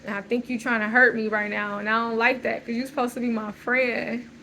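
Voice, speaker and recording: Agitated woman rambling in a bright voice. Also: on the high side, flat delivery, a little fast, a little hiss or hum, low-quality recording. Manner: rambling, agitated, repeating "like" often. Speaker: vlogger. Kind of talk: unscripted emotional monologue.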